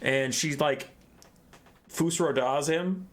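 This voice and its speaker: A man's voice: a little high, slow. A man casually retelling a game story in a rambling, profane way, often correcting himself.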